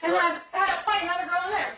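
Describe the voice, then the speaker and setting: A woman venting fast and profanely, telling a long story in a police interview room on a hidden camera. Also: very high voice, steady tone, vocal fry, pushed and bright, slight background noise. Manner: rapid, profane, repetitive venting. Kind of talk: casual storytelling. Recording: echoey, distant, muffled hidden-camera audio.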